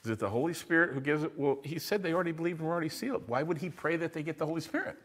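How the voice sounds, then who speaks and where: A man's voice: fairly high pitch, animated, racing. A man preaching a sermon to a congregation, asking rhetorical questions and answering them as he teaches. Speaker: pastor. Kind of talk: expository sermon.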